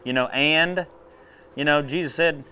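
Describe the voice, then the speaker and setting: Male preacher, folksy and animated, slightly high voice, punchy outbursts. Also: unhurried, clear, resonant tone. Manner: folksy, animated, drawling with sudden loud bursts. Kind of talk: sermon.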